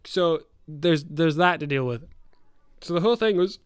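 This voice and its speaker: A man's voice: a little high, moderate pace, clean tone, dry recording, studio quality. A young man hosting a podcast, rambling through a tabletop game story, swearing freely and stopping often to correct himself. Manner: rambling, profane storytelling with many self-corrections. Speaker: podcast host and game master. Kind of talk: casual podcast chat.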